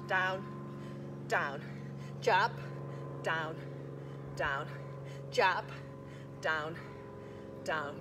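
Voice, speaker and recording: A woman's voice: medium pitch, very slow, long pauses, background noise. A woman leading a live workout class, counting reps, cueing moves and encouraging everyone while a bit out of breath. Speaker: fitness instructor. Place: outdoors.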